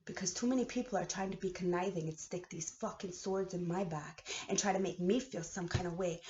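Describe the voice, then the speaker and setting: A woman from Canada in a heated, profane personal rant, swinging between low muttering and shouting. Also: brisk, hardly any pauses. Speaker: vlogger. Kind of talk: emotional personal rant to camera. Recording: echoey room, dull lo-fi sound.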